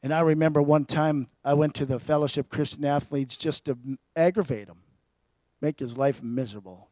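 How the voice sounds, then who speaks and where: Guy preaching his life story, kinda high voice, swings loud then soft, dry close sound. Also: brisk, dry recording. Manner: animated storytelling with big swings in loudness. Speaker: preacher giving testimony. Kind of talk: sermon testimony.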